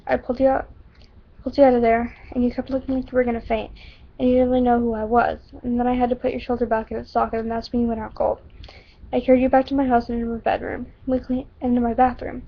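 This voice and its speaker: A woman's voice: a little high, flat delivery, fast talker, creaky. A woman reading aloud as a teenage boy who tells his story earnestly, on a dull lo-fi recording. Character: teenage boy, tender protective narrator.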